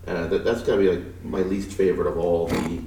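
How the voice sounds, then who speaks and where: Male co-host, lowish voice, casual rambling episode review, sits back from the mic in a reverberant room. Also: fairly even intonation, fairly quick, dark tone, far from the mic. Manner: rambling, trails off and restarts. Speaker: podcast co-host. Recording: echoey room, off-mic, faint noise.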